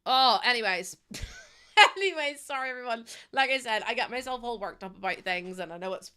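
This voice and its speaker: A woman's voice: a little high, a little fast, pushed and bright, clean tone. A young adult woman, chatting heatedly to her live chat while she builds in a game. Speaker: live streamer.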